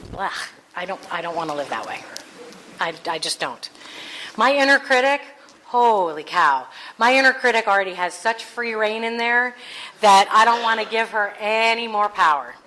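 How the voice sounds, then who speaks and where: A woman's voice: fairly high pitch, expressive, normal speed, bright, forceful tone, rough recording. A woman preaching a conversational Sunday sermon, earnest with playful asides. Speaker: minister.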